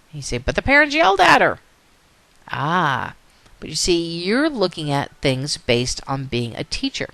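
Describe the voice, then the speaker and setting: A woman's voice: lowish voice, fairly bright tone, dry recording. A woman psychology teacher lecturing, telling a story and asking rhetorical questions.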